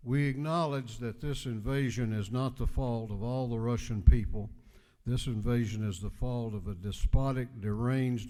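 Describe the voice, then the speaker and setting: A man, speaker of a state legislature, delivering a formal floor speech with measured, emphatic delivery. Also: mid-range voice, warm tone. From United States. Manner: measured, emphatic oratory with deliberate pauses. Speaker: legislative speaker presenting a resolution. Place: state house chamber. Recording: reverberant legislative chamber.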